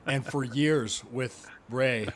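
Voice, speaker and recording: Animated man telling a story. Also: medium pitch, slow pace, a little hiss or hum. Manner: animated, laughing, repeats himself. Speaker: podcast host, former wrestler. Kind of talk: casual storytelling chat.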